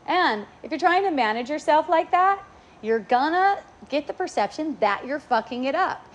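A woman's voice: high voice, animated, normal speed, muffled recording. A middle-aged woman giving a casual spiritual talk, playful and laughing often as she acts out what people say to her.

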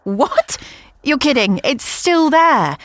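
Worried teen girl, insistent and urgent, mid pitch, dry sound, voiced by a woman narrator. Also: expressive, takes it slowly, dry recording. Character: worried teenage girl friend on a video chat.

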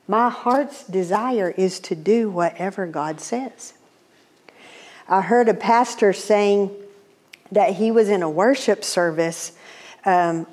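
A woman sharing a personal testimony, animated and exclamatory. Her humorous storytelling sits at an average pitch for a woman, with her voice climbing and dipping as she acts out the scene. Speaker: speaker.

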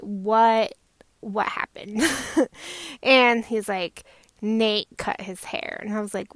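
A woman in her thirties hosting a casual solo podcast, chatty and quick to laugh. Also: medium pitch, creaky, dry recording. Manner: chatty, laughs often, warm pet names for listeners. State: recovering from tonsil surgery. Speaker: podcast host.

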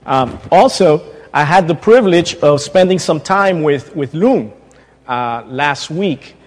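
A man's voice: on the high side, animated, slow pace, long reverb tail. A man giving a sermon as a guest preacher, with a hesitant manner full of fillers and restarts, speaking in a church. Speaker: guest preacher, pastoral intern. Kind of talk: sermon opening. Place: church sanctuary.

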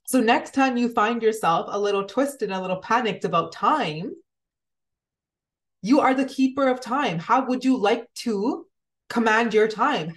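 A woman giving an earnest, motivational spiritual talk, speaking directly to the listener in repeated phrases. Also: medium pitch. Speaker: spiritual content creator.

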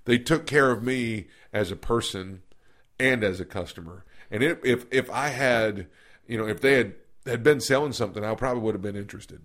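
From an office recording room, a man co-hosts a podcast, spinning casual, folksy stories full of restarts and repeated words. His voice is medium-pitched, a bit bright, and fairly quick.

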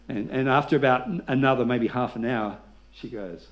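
A man's voice: mid-range voice, fairly even intonation, normal speed, slight background noise. A male pastor preaching a sermon, telling stories with humor and leading the congregation in call-and-response.

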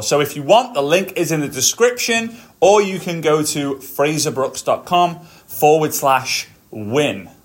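Male podcast host, a touch high-voiced, upbeat motivational storyteller, talking while on a treadmill. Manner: energetic, storytelling, talks while walking on a treadmill.

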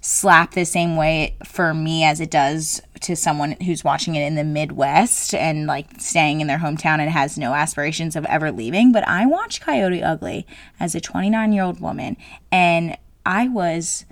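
A woman's voice: low voice, moderate pace, no room sound. A woman in her late twenties talking casually as a solo host, frank and jokey, full of fillers. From New Jersey. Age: 20s.

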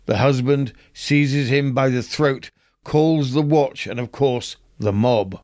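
A man's voice: medium pitch, takes it slowly, a little mellow, dry recording. A man hosting a history show, reading an old newspaper story aloud with dry, theatrical delivery. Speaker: host.

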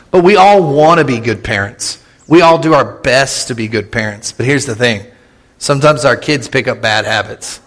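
Casting: man in his thirties, pastor giving a relaxed, jokey sermon, mid-range voice, church hall reverb behind him. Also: medium pitch. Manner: joking, conversational, with quick asides and laughs. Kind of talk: casual humorous sermon. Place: church sanctuary.

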